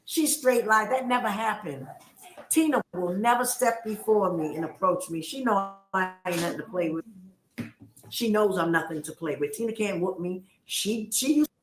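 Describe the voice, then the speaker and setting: A woman's voice: mid-range voice, moderate pace, a little hiss or hum. Heated middle-aged woman ranting, roomy echo. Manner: emotional, accusatory, repeats herself. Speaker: livestreamer. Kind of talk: heated livestream rant.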